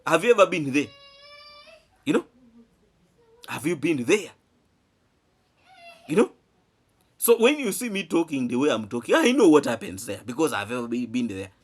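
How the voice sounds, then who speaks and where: A man's voice: on the high side, big pitch swings, normal speed, pauses often. A man giving emphatic vlog commentary, repeating phrases and asking rhetorical questions. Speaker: vlogger. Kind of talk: animated commentary to camera.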